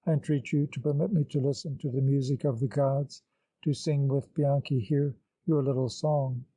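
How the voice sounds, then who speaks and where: A man's voice: medium pitch, fairly even intonation, moderate pace, warm tone, no echo, natural voice, low-quality recording. A man voicing a sinister man who talks in a half-whining, sardonic, scornful way, in an audiobook. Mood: wheedling. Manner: scornful, half jaunty, half malignant.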